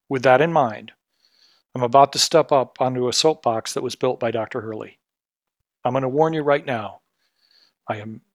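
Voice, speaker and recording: A middle-aged man delivers a scripted podcast commentary, earnest and increasingly indignant. His voice sits at an ordinary pitch and is recorded close and dry, with no room sound around it. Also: no echo. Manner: earnest and indignant, building to pointed outrage. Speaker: podcast host, healthcare consultancy CEO.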